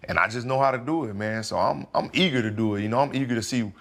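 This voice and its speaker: A man's voice: mid-range voice, fast, fairly bright tone, a little hiss or hum. A young man, speaking candidly and casually as a football player guest in an interview, full of slang and "you know".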